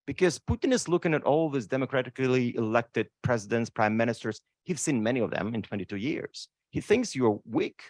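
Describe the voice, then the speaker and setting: A man's voice: mid-range voice, expressive, brisk, few pauses, a little mellow, no echo. A man speaking on a law school panel, emphatic and emotional, often asking "right?" to the audience. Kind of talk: impassioned panel talk. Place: lecture room.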